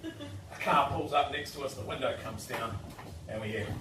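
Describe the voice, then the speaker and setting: On a bar stage, a young stand-up comedian tells a brash, self-mocking story full of swearing. His medium-pitched voice has lively intonation and a moderate pace. The noisy recording catches the echoey bar from far off.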